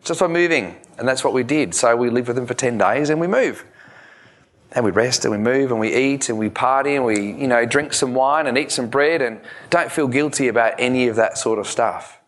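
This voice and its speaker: A man's voice: medium pitch, fairly quick. Man giving a casual talk. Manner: casual storytelling, many fillers and restarts. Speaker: naturopath and public speaker. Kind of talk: live talk to an audience.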